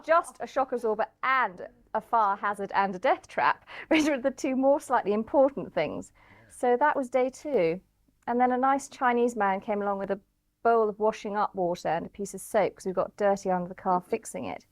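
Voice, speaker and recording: A woman tells her rally story in an animated, anecdotal way. Her voice sits a little high and sounds dry, with little room around it. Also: fairly quick, no echo. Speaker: rally participant. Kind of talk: storytelling interview.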